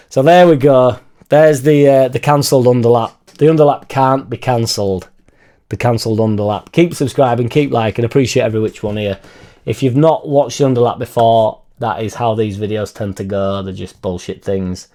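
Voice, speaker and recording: A man's voice: medium pitch, steady tone, normal speed, dark tone. A man with a Yorkshire accent chatting casually in a football fan vlog, rambling and swearing freely. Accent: Yorkshire English. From Leeds, England.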